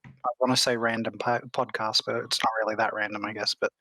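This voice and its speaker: A man's voice: on the low side, little pitch movement, a little fast, sharp tone, dry recording, rough recording. Playful young man, dry close sound. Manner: playful and wry, trails off into asides. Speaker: podcast co-host. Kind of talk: casual podcast chat.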